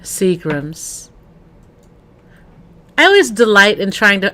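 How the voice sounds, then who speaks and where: A woman's voice: medium pitch, expressive, moderate pace, fairly bright tone. A woman livestreaming in casual chat, rambling and talking straight to her viewers. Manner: rambling, chatty, addresses chat directly.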